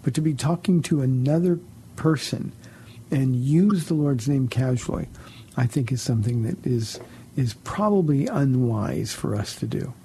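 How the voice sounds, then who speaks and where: A man pastor hosting a call-in radio show, answering Bible questions in an earnest, halting way with frequent repeated words. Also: medium pitch, lively intonation, mellow, slight background noise.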